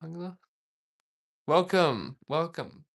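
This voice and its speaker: A man's voice: a little high, animated, slow, creaky. A young man from Australia, casually chatting on a livestream, rambling and reading viewer comments aloud with frequent laughs. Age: young adult. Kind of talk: casual live-stream chat.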